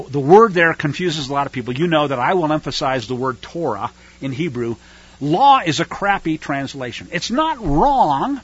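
A man preaches with heat and scorn, his high voice leaping up and down through each sentence. The tone is bright and a little husky, carried on a dull, lo-fi radio recording. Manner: fiery, emphatic, scornful. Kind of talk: radio sermon.

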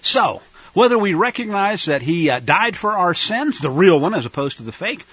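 A man's voice: high-pitched, sing-song, normal speed, fairly bright tone, husky, no room sound, highs cut off. A man preaching in an emphatic, sarcastic style with digressions. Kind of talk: sermon-style commentary.

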